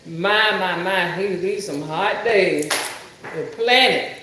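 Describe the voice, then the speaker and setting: A woman's voice: fairly low pitch, takes it slowly. Older woman, live-stream host, casual and joking, echoey kitchen with noise behind. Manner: chatty, teasing, laughs often. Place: hot kitchen at home. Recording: echoey room with background noise.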